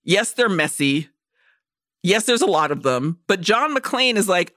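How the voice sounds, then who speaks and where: A woman co-hosting a film podcast, ranting in a lively, profane rush with a voice that swings up and down. Her tone is bright and forward. The sound is close and dry. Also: mid-range voice, unhurried, no room sound. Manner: animated, profane ranting with acted-out quotes. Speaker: podcast co-host. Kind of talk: casual movie-review chat.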